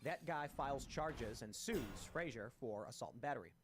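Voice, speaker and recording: A man hosting a casual panel talk, telling stories in an animated, rapid way. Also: mid-range voice, background noise. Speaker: host.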